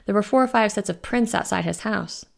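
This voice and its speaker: A woman's voice: medium pitch, fairly quick, vocal fry. A woman voicing a hard-edged she-wolf alpha. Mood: grim.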